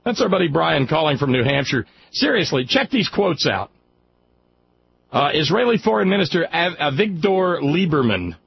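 Man, talk radio host, impassioned, emphatic, slightly high voice, muffled radio sound. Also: very animated, moderate pace, gravelly, a little hiss or hum. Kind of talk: call-in talk radio commentary. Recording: dull lo-fi radio broadcast.

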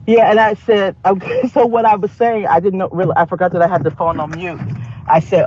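A man co-hosting a podcast in casual chat, animated and profane, laughing often. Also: sits high, a little fast, muffled recording. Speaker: podcast co-host.

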